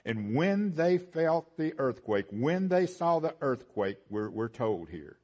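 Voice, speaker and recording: A man delivers a sermon in a slow, sing-song voice, climbing into forceful, rising passages before dropping to quiet, low lines. He repeats phrases to drive his points home.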